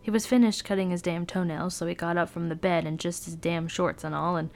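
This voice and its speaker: Low-voiced woman reading a novel aloud. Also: steady tone, fairly quick. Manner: brooding, sardonic narration. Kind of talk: first-person novel reading.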